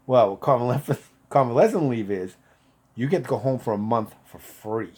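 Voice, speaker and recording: A man in his fifties, a former Marine, casually telling a profane story and getting loud when he quotes people. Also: lowish voice, fairly quick. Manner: profane, animated, loud when quoting others.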